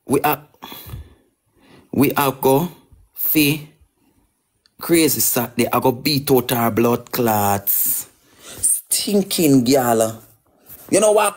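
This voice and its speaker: Heated livestream rant, Jamaican woman, sing-song outbursts, bright sharp tone. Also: mid-range voice. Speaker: livestream host.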